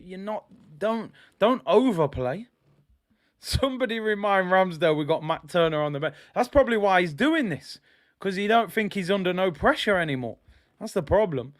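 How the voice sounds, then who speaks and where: Excitable football streamer. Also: male voice, high voice. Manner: animated fan, shouts and exclaims when play goes wrong. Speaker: football watch-along streamer. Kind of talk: live match commentary and fan reactions.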